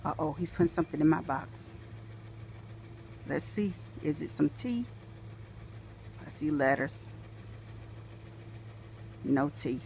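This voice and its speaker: A woman's voice: medium pitch, normal speed, creaky, long pauses, slight background noise, poor audio. A woman filming herself outdoors near her home in a casual vlog. She chats playfully to herself and breaks into sing-song calls. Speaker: vlogger. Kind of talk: casual self-filmed vlog.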